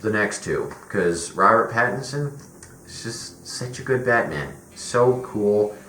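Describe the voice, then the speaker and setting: A man with a fairly low, bright and forceful voice gives a slow but animated, rambling movie review in casual speech. He's opinionated, full of fillers and swearing, and the recording has a roomy echo with faint background noise.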